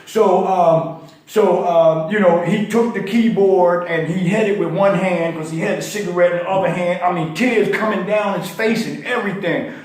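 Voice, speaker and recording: High-voiced man telling jokes, echoey. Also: moderate pace, a little mellow. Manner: laid-back storyteller, laughs at own jokes. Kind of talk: casual phone-in joke telling. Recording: very echoey sound.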